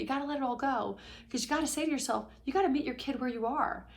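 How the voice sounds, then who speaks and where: A middle-aged woman coaching other parents in a casual, confiding vlog, telling a story with lively energy and at times dropping to a whisper, recorded indoors at home. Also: on the high side, rapid-fire, creaky. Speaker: parenting coach for ADHD families.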